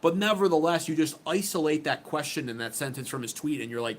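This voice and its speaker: A man with a rather high, expressive voice talks fast and barely pauses. He runs his own channel, where he delivers opinionated political commentary with emphasis and sarcasm, frequently restarting sentences. He's from the United States.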